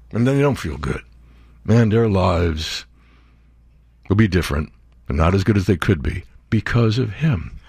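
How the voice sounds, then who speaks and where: A man's voice: lowish voice, breathy edge, no room sound. A man hosting a political talk radio show, delivering an impassioned monologue full of repeated rhetorical questions.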